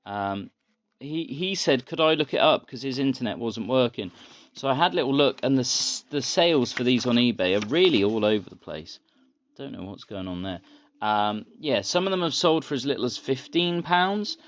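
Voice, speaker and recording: A man's voice: medium pitch, animated, moderate pace. A man, a toy collector, showing off his finds in a casual, rambling vlog. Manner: rambling, easygoing show-and-tell.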